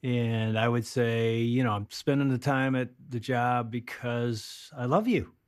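A man's voice: mid-range voice, measured pace, clear, resonant tone. Man in his fifties, pastor co-host, mid voice, reflective and teasing. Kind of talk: casual chat.

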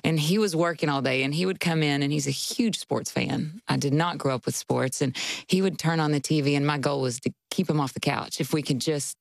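Woman in her 40s sharing her story on a talk show, low gravelly voice, dry mic. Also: a little fast, dry recording. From Kentucky, USA. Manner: candid, laughs while talking. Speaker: guest author. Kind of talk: storytelling in an interview.

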